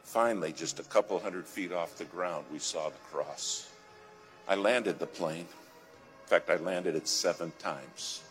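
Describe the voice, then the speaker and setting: A man with a very low voice preaches as a guest speaker, telling a story with dramatic swings from loud urging down to a hushed whisper. His voice rings out with a long hall reverb, and faint music plays softly behind him. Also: measured pace.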